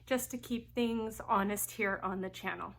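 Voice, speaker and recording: A woman's voice: medium pitch, normal speed, gravelly. A woman who homeschools her children, talking frankly and confidingly to her channel's viewers in a casual vlog. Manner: frank and confiding, musing aloud. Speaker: homeschooling mom and channel host. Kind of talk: candid vlog talk to camera.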